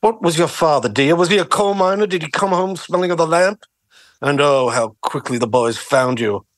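A man with an Australian accent putting on a menacing, cultured male psychiatrist killer, slow, silky and taunting. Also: a little high, dry recording, natural voice.

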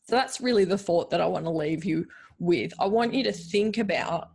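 A woman's voice: fairly low pitch, animated, normal speed, gravelly, darkish tone, slightly rough. A woman hosting a bookkeeping podcast in a chatty, rambling way, full of fillers and playful quoted voices. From Australia. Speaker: podcast host, bookkeeping coach. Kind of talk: casual solo podcast talk.

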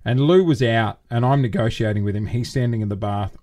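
A man's voice: mid-range voice, brisk. A man in his thirties co-hosting a casual podcast, telling a funny anecdote and swearing freely. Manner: animated anecdote-teller who swears freely. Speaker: podcast co-host. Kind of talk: casual chat, comic storytelling.

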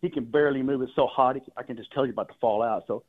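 A man's voice: medium pitch, very fast. A man, a fishing guide calling in to a radio show, telling rambling stories and repeating his words as he goes. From Texas Gulf Coast. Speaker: fishing guide and guest caller. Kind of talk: casual phone-in storytelling. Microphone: phone. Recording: narrow phone line.

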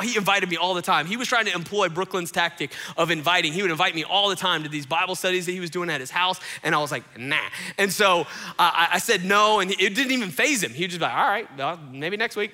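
A young man, a pastor telling his story in an animated sermon to a congregation, acting out the quotes. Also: high-pitched. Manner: animated, acts out quotes, addresses crowd as y'all. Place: church auditorium before a congregation. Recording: long hall reverb.

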